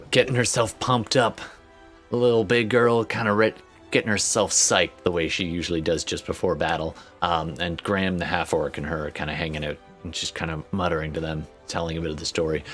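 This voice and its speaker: A man narrating as game master of a tabletop game, describing scenes in a halting way with many fillers. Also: sits low, little pitch movement, a bit bright, soft background music.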